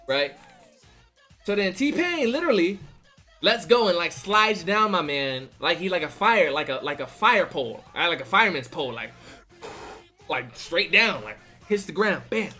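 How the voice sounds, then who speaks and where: A man's voice: high-pitched, sing-song, normal speed, pushed and bright, soft background music. A man streaming live, telling a tall tale in hyped slang and asking "right?" after every beat. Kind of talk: animated storytelling on a live stream.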